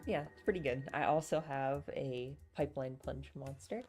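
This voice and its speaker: A woman's voice: a bass voice, normal speed, a little mellow, soft background music. A young woman streaming as she reads a novel aloud and chats with viewers in a rambling, easygoing way. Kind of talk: casual live stream chat and book reading.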